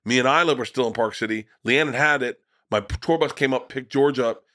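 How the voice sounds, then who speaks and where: A man's voice: mid-range voice, fast talker, pushed and bright, no echo, studio quality. A middle-aged man, a guest comedian, telling rambling, profane anecdotes in casual conversation.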